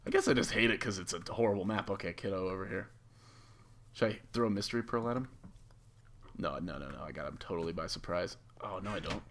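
A man giving casual, excitable commentary over a video game as a YouTube gamer, laughing often and swearing lightly. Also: deep voice, fast, creaky, a little hiss or hum. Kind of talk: live gameplay commentary.

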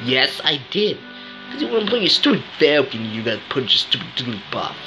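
Animated complaining speaker, music behind. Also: medium pitch, a little fast, poor audio. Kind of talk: playful banter over toys.

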